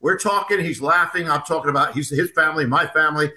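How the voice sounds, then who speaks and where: A man who is an author and a guest in a conversation, telling a story in an earnest, halting way and retelling what was said. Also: on the high side, bright, forceful tone, rough recording.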